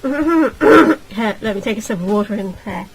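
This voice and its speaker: A woman's voice: mid-range voice, animated, a little slow, very noisy. A woman playing through a visual novel and voicing all its characters, playful and self-mocking as she switches between voices. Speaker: gamer reading a visual novel aloud. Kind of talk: casual voiced playthrough.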